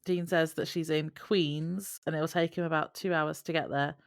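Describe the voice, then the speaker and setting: A woman's voice: low voice, fairly even intonation, moderate pace, vocal fry, no room sound, clean studio sound. A woman co-hosting a podcast, reading her notes aloud and laughing often. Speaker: podcast co-host. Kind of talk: casual episode recap chat.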